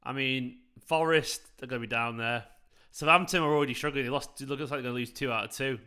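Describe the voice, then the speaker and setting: A man's voice: medium pitch, fairly even intonation, fast, bright, forceful tone, clear, resonant tone. A young man hosting a football watchalong, chatting casually and laughing as he answers his live chat. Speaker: fan channel host.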